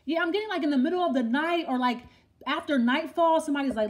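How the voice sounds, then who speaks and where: A young woman with a high voice does a tarot reading, addressing her listener directly and talking fast. She rambles and thinks out loud, often repeating phrases while asking the cards what they mean.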